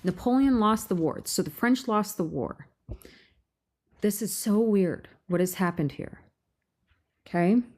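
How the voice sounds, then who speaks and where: A woman giving a casual talk to a group, reading aloud and breaking off into animated rhetorical asides. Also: medium pitch, unhurried, long pauses. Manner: animated, rhetorical questions, frequent restarts. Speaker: presenter at a meeting.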